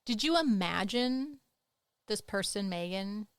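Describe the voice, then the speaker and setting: A woman chats on a writing podcast, jumping between lively explanation and playful teasing as she would with her students. Her voice is mid-pitched and sits close to the mic in a dry, unreverberant recording. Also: slow pace, clear, resonant tone, no room sound. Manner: animated, playful teacherly asides. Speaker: podcast co-host. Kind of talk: casual podcast chat.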